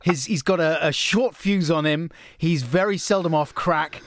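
A middle-aged man hosting a casual interview podcast, teasing and jokey, quick to banter with his guest. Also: on the high side. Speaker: podcast host.

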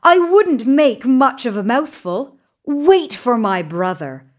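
A woman's voice: on the high side, very animated, slow pace, pitched above the performer's own voice. A woman voicing a middle-sized male billy goat in a storybook reading, pleading to be spared. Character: middle billy goat, smaller than his brother.

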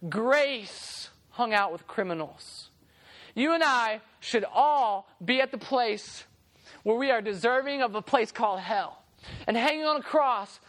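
A young woman preaching a sermon, telling stories and acting out the voices in them. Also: on the high side. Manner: animated, acts out voices in stories. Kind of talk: sermon with storytelling.

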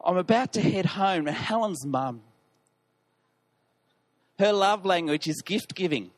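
A pastor with a high, light voice tells a story in a sermon. His delivery is animated, and he often pokes fun at himself. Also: measured pace. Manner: animated, self-deprecating storytelling.

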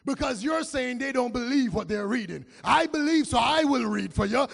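A man preaching a sermon with impassioned, drawn-out delivery and call-and-response with the congregation. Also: sits high, gravelly. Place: church. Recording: long reverb of a church hall.

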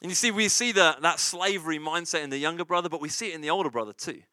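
A fast-talking pastor with a fairly high, bright, forceful voice delivers a conversational sermon, peppering it with "right?" and "you see" and repeating key points for emphasis. The recording is dry.

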